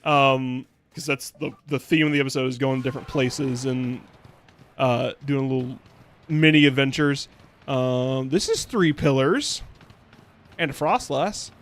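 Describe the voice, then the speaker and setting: A man's voice: medium pitch, a little slow. A man streaming a video game, chatting casually in a rambling way with plenty of fillers. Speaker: VTuber streamer. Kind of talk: casual let's-play commentary.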